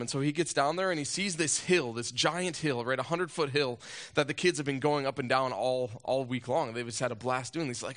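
A man's voice: fairly high pitch, a little fast. Earnest man preaching a sermon. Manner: storytelling with rhetorical questions; earnest, swings between loud and hushed. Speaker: pastor.

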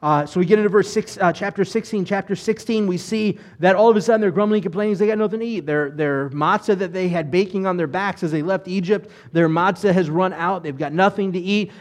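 A man with a fairly high voice preaching a sermon. He speaks in a conversational way, asks the congregation rhetorical questions, and acts out the people in the story with lively energy. He sounds like a rabbi teaching his weekly message. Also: quick pace, few pauses.

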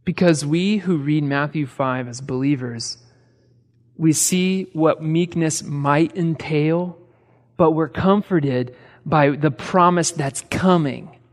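A man preaching in a conversational way, leaning on rhetorical questions and light humor. His voice sits a little high for a man. The sound carries a long reverb, as in a church sanctuary. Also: takes it slowly. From American Midwest. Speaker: pastor. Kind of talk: sermon. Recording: reverberant hall.

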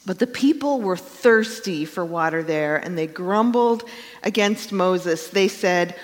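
A woman's voice: on the low side, expressive, a little slow, in a large hall. A woman pastor giving a conversational sermon and telling stories with acted quotes.

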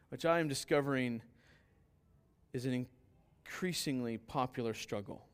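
A man's voice: normal speed, clean tone. A man preaching a sermon in a conversational way, telling stories and acting out their characters. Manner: conversational preaching with anecdotes and restarts; acts out story characters with sudden higher pitch. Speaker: pastor.

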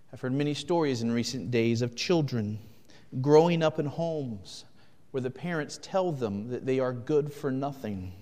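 A man preaching a sermon, earnest, swinging between loud urgent passages and hushed ones. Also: medium pitch, long reverb tail. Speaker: pastor.

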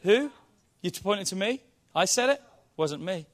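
A man with a notably high voice preaches in a church. He teases the congregation with questions, then reads scripture slowly and swells into emphatic calls. His delivery is conversational and punchy. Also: expressive. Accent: non-local accent. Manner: playful, quizzing the audience, then preaching with rising emphasis. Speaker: pastor. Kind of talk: sermon.

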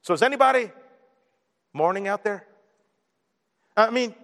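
Impassioned pastor in an echoing hall. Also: male voice, high-pitched, expressive, a little slow, pauses often, fairly bright tone. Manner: impassioned, repetitive stammering emphasis. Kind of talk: sermon. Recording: long hall reverb.

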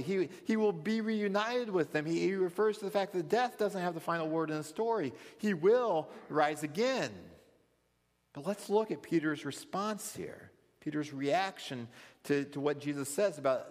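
A man leads a Bible study in a thoughtful, explanatory way. His pitch rises and falls a lot as he gives the quotes some life. His voice rings with a long reverb, as if in a large hall. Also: lively intonation, normal speed. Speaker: Bible teacher.

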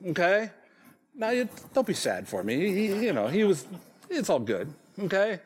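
Man, pastor, high voice, conversational sermon, self-deprecating, keeps asking "okay?", church sanctuary. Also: sing-song, normal speed.

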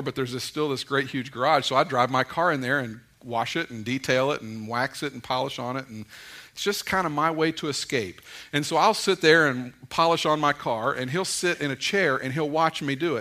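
A middle-aged man preaching a conversational sermon, mixing folksy stories and gentle humor into his points. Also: mid-range voice. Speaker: pastor.

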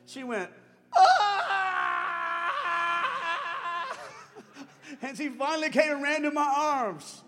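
A man preaching a sermon, telling a story with chuckles and swinging from hushed, slow passages to shouted lines. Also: extremely high pitch, expressive, very noisy. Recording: long hall reverb, faint music.

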